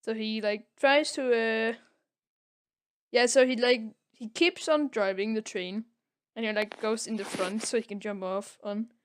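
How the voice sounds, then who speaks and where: A woman's voice: a little high, fairly even intonation, measured pace, clear, resonant tone. A young woman recapping a comic on a casual podcast, rambling with lots of filler words. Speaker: podcast co-host.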